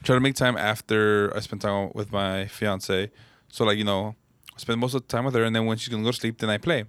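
A young man co-hosting a casual podcast, telling a story with animated bursts of acted-out yelling. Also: on the low side, brisk, clear, resonant tone, dry recording. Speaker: podcast co-host. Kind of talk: casual chat.

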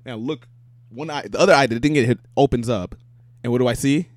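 A man chatting casually as a co-host, telling lively stories and swearing freely. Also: medium pitch, brisk, no room sound, studio quality. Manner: animated storyteller, swears freely. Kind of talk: casual chat.

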